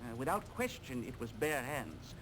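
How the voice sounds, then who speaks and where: A man's voice: medium pitch, very animated, moderate pace, background noise, natural voice. An actor playing a jovial, upper-class police surgeon in a video game, who jokes and is pleased with his own wit.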